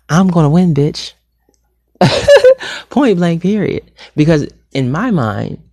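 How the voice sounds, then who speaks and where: A sassy man speaks candidly to his viewers, his voice gravelly and full of fry. His pitch swoops up and down as he talks. The sound is close and dry. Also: dry recording. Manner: sassy, animated, calls viewers honey and sugar; swings between loud outbursts and soft asides. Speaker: vlogger.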